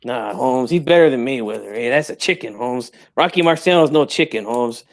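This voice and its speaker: A man's voice: mid-range voice, lively intonation, fairly quick, lightly acted. A man playing a proud, touchy old-school boxing father who tags his lines with slang like "eh" and "Holmes". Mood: boastful. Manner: streetwise slang, tags every line with "eh" and "Holmes". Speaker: guest in character.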